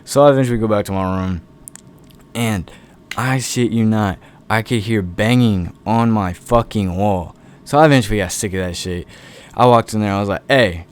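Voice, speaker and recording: A man's voice: lowish voice, moderate pace, darkish tone, clean tone. A young man casually telling a long personal story, laid-back and rambling, with lots of swearing.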